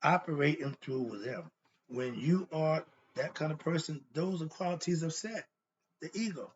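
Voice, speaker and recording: A man's voice: a little high, moderate pace. Blunt man teaching with rhetorical questions. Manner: poses rhetorical questions and answers them himself; emphatic, blunt and conversational. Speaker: philosophy teacher. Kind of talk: informal lecture. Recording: dull lo-fi sound with faint noise.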